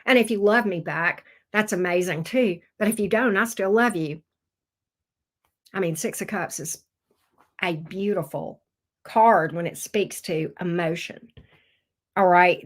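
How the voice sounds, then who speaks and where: Chatty, excitable woman tarot reader. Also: lowish voice. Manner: chatty and excitable, swears when thrilled. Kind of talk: casual live tarot reading.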